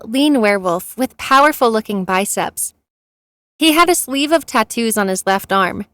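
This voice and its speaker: A woman narrating a first-person romance story in a steady, plain reading. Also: on the high side, no room sound.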